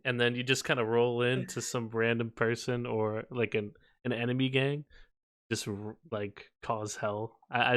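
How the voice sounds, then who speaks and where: Relaxed man with a smooth voice. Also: medium pitch. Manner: relaxed, joking, short replies. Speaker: podcast co-host. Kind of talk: casual chat.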